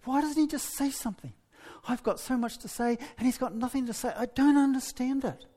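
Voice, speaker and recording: A man's voice: very high voice, brisk, mellow, long reverb tail, voice pushed up. A man voicing a chatty young woman, first smitten and later exasperated with her husband.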